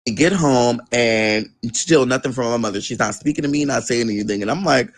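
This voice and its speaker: A young man with an average-pitched voice tells a story from his own life in an interview. He is animated and conversational, and he swears freely. He slips into the voices of the people he quotes. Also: fairly quick, few pauses. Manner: swears casually. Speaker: guest.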